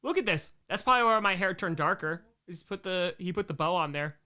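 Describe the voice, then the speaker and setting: A man hosting a live stream, reacting to his own home videos with excitable, self-mocking jokes. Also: high-pitched, fairly quick. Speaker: streamer host.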